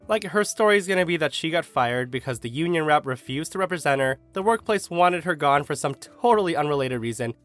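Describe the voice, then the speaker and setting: A man narrating online stories, telling them with sarcastic asides. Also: fairly high pitch. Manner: lively storytelling with sarcastic asides. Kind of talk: story narration.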